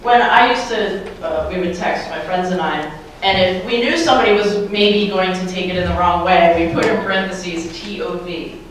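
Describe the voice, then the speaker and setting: A woman's voice: fairly low pitch, normal speed, hardly any pauses, a little hiss or hum. Playful woman giving a keynote in an echoey hall. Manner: playful, asks the audience questions. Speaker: keynote speaker. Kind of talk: motivational keynote. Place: large hall, live audience. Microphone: handheld microphone. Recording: very echoey hall, mic from far off.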